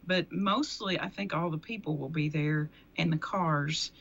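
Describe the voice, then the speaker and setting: A woman's voice: low voice, unhurried, creaky, fairly bright tone, lo-fi sound. A woman, a guest who deals in antiques and auctions. She chats casually on a local TV show, laughing often and restarting her sentences. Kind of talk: casual interview chat. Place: local TV studio.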